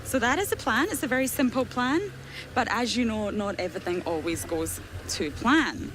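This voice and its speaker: A woman's voice: on the high side, expressive, normal speed, a little hiss or hum, low-quality recording. A woman safari guide giving chatty, self-deprecating live commentary from an open vehicle outdoors. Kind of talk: live commentary from a game drive.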